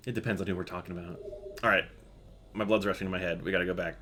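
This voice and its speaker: A man's voice: deep voice, steady tone, racing, pushed and bright, a little hiss or hum. A man streaming a game, chatting casually, reading chat aloud and muttering to himself. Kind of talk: casual gameplay commentary. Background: game music.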